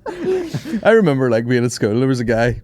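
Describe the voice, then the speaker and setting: A man's voice: mid-range voice, wildly swooping pitch, fast talker, darkish tone. A young man hosting a podcast, rambling through stories with lots of swearing and laughter. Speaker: podcast host. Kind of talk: casual chat.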